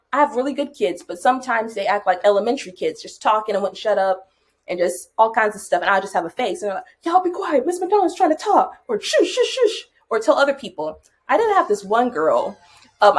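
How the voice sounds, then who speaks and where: A woman who teaches high school, co-hosting a podcast and telling classroom stories in casual chat, expressive and lively. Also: husky.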